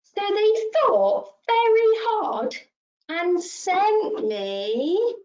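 A woman leading a children's story session, talking to toddlers in an animated sing-song way, gasping with delight and coaxing them to join in. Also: very high voice, very slow, muffled recording. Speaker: early years practitioner.

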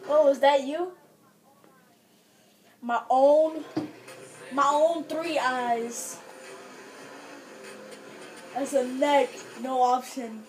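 A woman chatting casually with friends while gaming, loud and excitable, swearing freely. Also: sits high, extremely slow, long pauses, rough recording. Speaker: gamer playing with friends.

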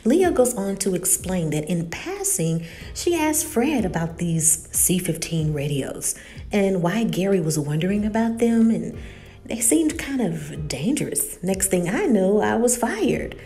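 A woman casually recapping a TV episode, retelling the story in an animated way. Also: mid-range voice, unhurried. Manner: animated retelling with quoted dialogue. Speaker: TV recap host.

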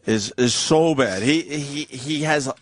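A man's voice: mid-range voice, slow. A male radio host explaining a clip in wry talk-show banter.

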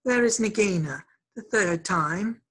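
A woman voicing a brave, sharp-tongued young male mongoose in a storybook reading, impatient and commanding. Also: mid-range voice, lively intonation, measured pace, breathy edge. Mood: urgent.

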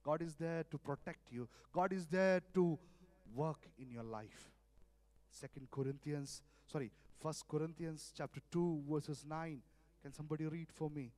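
A male preacher delivers a sermon, his voice sitting a little higher than most men's. He repeats phrases with earnest insistence and swings from loud emphasis to near quiet. The sound is dry and close. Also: unhurried, no room sound. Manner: earnest, repetitive, sudden swings in loudness.

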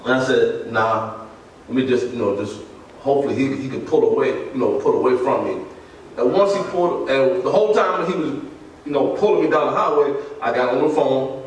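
A man's voice: medium pitch, fairly quick, a little hiss or hum. Give me a man preaching a testimony in a church, laughing as he acts out what people said, heard from a distance. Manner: storytelling, laughing, acting out dialogue. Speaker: pastor. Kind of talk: sermon testimony. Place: church sanctuary. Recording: echoey church from far off. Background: congregation responses.

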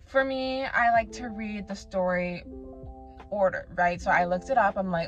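Away from her home, a woman reviews books in a casual vlog chat, rambling and acting out her own past reactions. She speaks at a normal speed in a steady, medium-pitched voice. The recording is slightly muffled, with background music.

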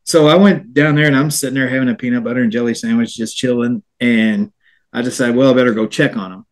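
A man's voice: medium pitch, steady tone, quick pace. A man, a paranormal investigator, telling a ghost-tour story in casual chat and acting out the people he quotes.

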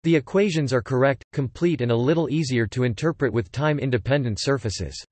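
A male text-to-speech voice reading an encyclopedia article aloud, spelling out formula code letter by letter in a flat synthetic manner. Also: medium pitch, a little fast, no echo.

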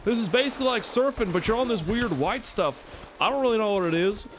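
Guy doing a high dopey surfer dude, drawls dude every line, voice swoops around. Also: lively intonation, brisk, slight background noise. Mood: goofy boastful. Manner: drawling surfer slang, says dude constantly. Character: dim surfer-dude snowboarder bro, young man, laid-back.

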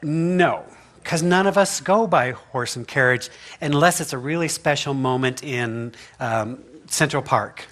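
Pastor, male, slightly higher voice, folksy humorous sermon delivery with frequent laughs and rhetorical "right?". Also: a bit bright. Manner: chatty and humorous, laughs often, asks "right?". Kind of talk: conversational sermon. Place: church sanctuary.

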